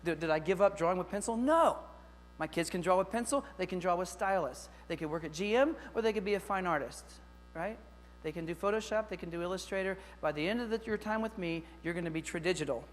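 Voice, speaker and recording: Keynote presenter, middle-aged man, upbeat and joking, highish voice, long echo in a big auditorium, faint hum. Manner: energetic, joking, talks straight to the audience. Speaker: keynote speaker to teachers. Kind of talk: lively conference keynote. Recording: long hall reverb with faint mains hum.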